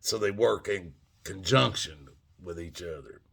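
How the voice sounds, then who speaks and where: Gravelly low-voiced older man rambling. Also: measured pace, bright, forceful tone. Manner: loose, profane, talks straight to viewers as "folks". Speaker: vlogger telling a story. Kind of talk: rambling casual storytelling.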